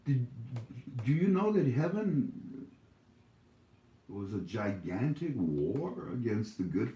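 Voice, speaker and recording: Male YouTube host, soft dark voice, preachy and rambling, echoey room. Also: lowish voice. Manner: scolding, preachy, rambling with many fillers. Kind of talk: casual monologue to viewers. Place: his home.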